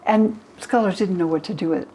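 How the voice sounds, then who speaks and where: A woman's voice: lowish voice, fairly quick, slight background noise, poor audio. A woman in her eighties from the United States, a historian of religion, telling stories animatedly in a documentary interview. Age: 80s. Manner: animated storyteller, acts out quotes.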